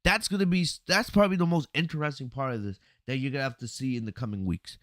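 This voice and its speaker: A man hosting a podcast, recapping a wrestling event in a casual, animated storytelling way, often asking "right?" and acting out lines. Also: mid-range voice, quick pace, dry recording, studio quality. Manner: animated storytelling, acts out quotes, frequent "right?" and "you know". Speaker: podcast host reviewing wrestling. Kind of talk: casual solo review commentary.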